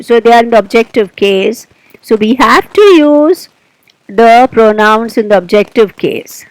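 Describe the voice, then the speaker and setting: A woman teaching an English grammar lesson, explaining slowly and deliberately and putting questions to the learner. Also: fairly high pitch, no echo, poor audio.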